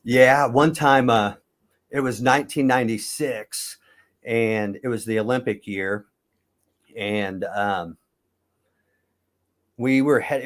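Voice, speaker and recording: A middle-aged man from the United States, a former wrestler, telling stories in a casual interview, rambling and correcting himself as he goes. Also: lowish voice. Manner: rambling, self-correcting, chuckles at his own stories. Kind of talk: casual storytelling.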